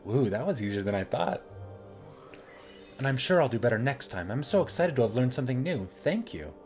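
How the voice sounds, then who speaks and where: A man voicing a sweet, timid young woman who talks gently and apologetically while reading game dialogue. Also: lowish voice, animated, normal speed, soft background music, lightly acted. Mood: delighted.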